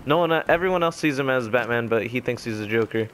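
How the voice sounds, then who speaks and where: Casual young male gamer, mid-pitched, rambling recap full of ums, faint hiss behind. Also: a bit bright. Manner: rambling, filler-heavy retelling with quick quoted voices. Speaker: gaming commentator. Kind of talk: casual spoken game recap.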